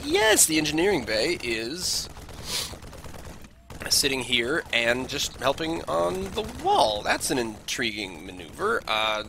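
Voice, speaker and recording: A man's voice: on the high side, creaky, bright, forceful tone, a little hiss or hum. A man with a cold and congested sinuses, giving casual game replay commentary, rambling with joking asides.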